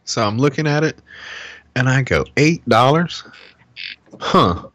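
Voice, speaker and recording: A man's voice: mid-range voice, sing-song, measured pace, fairly bright tone, slight background noise. A man on a podcast telling a heated, profane story in casual chat and acting out what people said. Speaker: podcast co-host.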